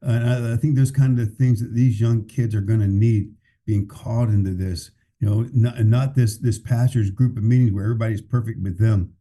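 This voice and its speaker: A man's voice: lowish voice, fairly even intonation, brisk, warm tone. A man who is a pastor, speaking candidly and plainly in a casual podcast conversation, often restarting his sentences. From California.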